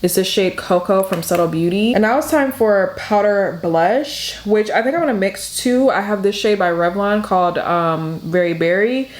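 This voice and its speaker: A woman's voice: medium pitch, normal speed, hardly any pauses. A young woman from the Detroit area, chatting through a makeup tutorial while telling a story with lots of "like". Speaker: beauty vlogger. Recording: echoey room.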